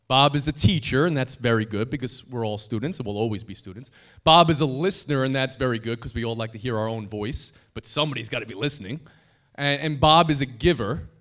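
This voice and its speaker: A man's voice: medium pitch, fairly bright tone. A man in his thirties, a broadcaster giving an anniversary dinner speech at a podium microphone, self-deprecating and funny but sincere and grateful. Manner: joking, self-deprecating storyteller; heartfelt, grateful tribute. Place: banquet hall dinner.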